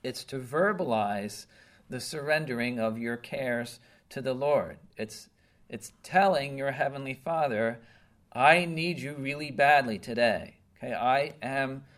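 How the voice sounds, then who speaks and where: A man's voice: mid-range voice, unhurried, a bit bright. Earnest male preacher checking in with listeners. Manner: checks in often with "okay?" and "right?"; earnest, emphatic, with some restarts. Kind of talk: conversational sermon.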